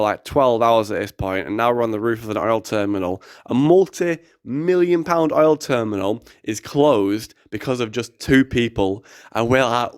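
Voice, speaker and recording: Young man, casual storytelling, animated and rambling, smooth clear voice, mid-pitched. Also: dry recording, clean studio sound. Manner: animated, excitable, rambling with fillers. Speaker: activist podcast host.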